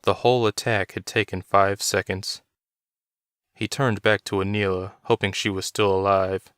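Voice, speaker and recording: A man reading a story aloud in steady, measured narration. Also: lowish voice, clear, resonant tone, no room sound, studio quality.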